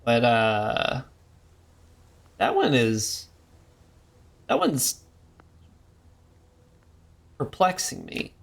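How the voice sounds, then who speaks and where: A man's voice: mid-range voice, wildly swooping pitch, extremely slow, vocal fry, long pauses. A young man streaming a horror game live, joking and rambling as he reads the game's text aloud. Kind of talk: live gameplay commentary.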